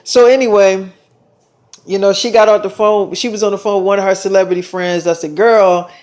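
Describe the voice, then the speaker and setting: A young man with a noticeably high voice tells a long personal story to the camera. He rambles and swears freely, and he keeps circling back with fillers and restarts. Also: steady tone, fairly quick, a little mellow. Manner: rambling, profane, with repeated fillers. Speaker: vlogger. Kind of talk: casual storytelling monologue.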